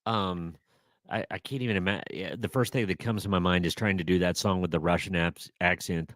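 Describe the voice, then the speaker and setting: A man's voice: deep voice, fairly even intonation, a little fast, fairly bright tone, no echo. A man who used to teach, co-hosting a live podcast in a jokey, casual chat and laughing easily. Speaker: podcast co-host, former teacher.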